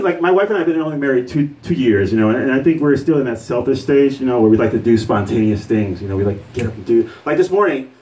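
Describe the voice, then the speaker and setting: A male comedian from Puerto Rico works a bar crowd with a lively, swooping voice. He rambles loosely, full of fillers, and acts out the people in his stories. He sits a little back from the mic. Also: medium pitch, far from the mic, rough recording. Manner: loose, rambling delivery with fillers and acted-out quotes. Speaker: stand-up comedian. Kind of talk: live stand-up comedy. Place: bar stage with a live audience.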